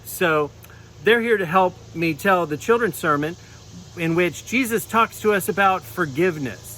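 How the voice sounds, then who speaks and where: A man telling a children's sermon with puppets, in a gentle storytelling manner. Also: high-pitched, animated, moderate pace, slight background noise, low-quality recording. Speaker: clergy giving children's sermon.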